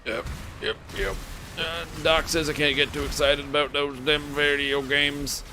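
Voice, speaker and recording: A man putting on a drawling old southern man who frets about his health and can't keep his pills straight. He speaks a touch higher than plain talk and rambles along in a loose, forgetful way. Noise hums clearly behind him. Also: fairly even intonation, a little slow. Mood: fretful. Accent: put-on American Southern. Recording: noisy background.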